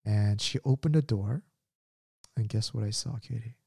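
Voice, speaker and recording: A man in his thirties hosting a podcast and telling a story in an animated, casual way, laughing at himself. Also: fairly low pitch, normal speed, creaky, husky, dry recording, clean studio sound. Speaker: podcast host.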